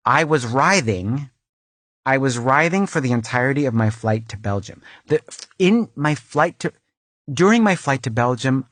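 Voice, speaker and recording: A man playing a vain, self-absorbed woman author who reads her florid travelogue aloud in a deadpan comic style, fussing over and restarting her lines in a recording booth. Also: medium pitch, no echo, natural voice. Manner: fussy, florid, keeps restarting and correcting lines. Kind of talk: deadpan comic audiobook reading.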